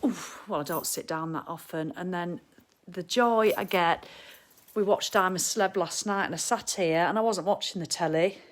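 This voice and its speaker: A woman's voice: fairly low pitch, moderate pace. Chatty, cheerful woman. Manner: chatty, cheerful and blunt, with mild swearing and laughs. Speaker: live-stream host. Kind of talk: casual live chat. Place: home living room.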